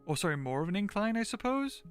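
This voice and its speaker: A man's voice: high-pitched, sing-song, fast, soft background music. A man chatting casually while streaming gameplay, thinking aloud, laughing often and talking to his chat. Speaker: game streamer. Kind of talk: casual livestream gameplay commentary.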